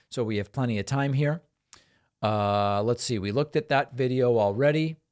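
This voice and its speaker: A man in his thirties hosting a live political stream, reading viewer comments aloud and reacting to clips with incredulous mockery. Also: medium pitch.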